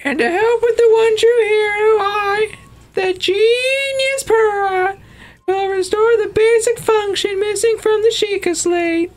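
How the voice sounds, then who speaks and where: A man's voice: a little slow, soft background music. A man voicing an eccentric, bossy old woman scientist who looks like a child, in a shrieking, over-the-top voice. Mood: grandiose. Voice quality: shrieking, shrill. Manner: over-the-top, quirky, fussy.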